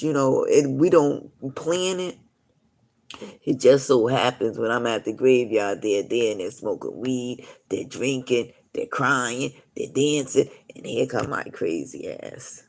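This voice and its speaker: A man's voice: mid-range voice, animated, measured pace. A man telling long, rambling stories on a live stream, full of "you know" asides. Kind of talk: casual rambling storytelling.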